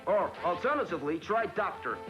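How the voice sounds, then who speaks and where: A man's voice: high voice, very animated, fairly quick, highs cut off, music in the background, voice pushed up. A man voicing an over-polite, chirpy puppet helpline host. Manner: over-polite, then indignant.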